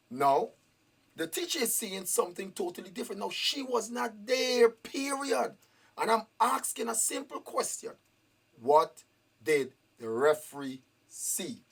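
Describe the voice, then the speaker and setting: Parent at a school meeting. Husky, mid-pitched, repetitive, demanding questions.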